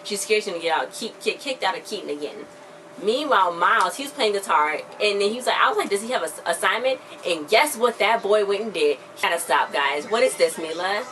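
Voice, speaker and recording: A young woman recapping a TV episode in a casual, excitable, slangy way, often acting out the characters' lines. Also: medium pitch, fairly quick. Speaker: vlogger reviewing a TV episode. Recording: a bit distant from the mic, faint background noise.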